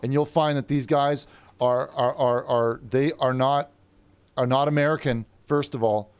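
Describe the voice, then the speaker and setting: A man's voice: medium pitch, fairly even intonation, measured pace, smooth, dry recording. A man improvising as a plaintiff in a comedic mock trial, stammering and repeating words as he talks. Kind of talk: comedic improvised courtroom role-play.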